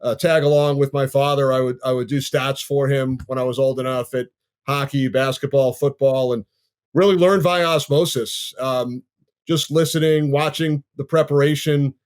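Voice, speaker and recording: A man in his fifties from Long Island, New York, a sports broadcaster telling his story in a measured, easygoing way as a podcast guest. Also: mid-range voice, fairly even intonation, a little mellow. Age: 50s.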